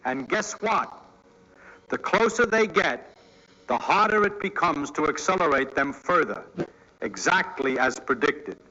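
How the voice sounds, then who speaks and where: A man narrates a science explainer in a polished, scripted way, explaining step by step. His voice is a little high and sharply bright, heard as a dull, lo-fi playback. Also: expressive, a little slow. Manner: explanatory, upbeat teaching tone.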